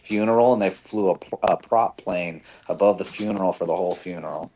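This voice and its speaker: A man in casual chat, telling stories in a profane, animated way. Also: deep voice, fairly quick, poor audio. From Nevada, USA.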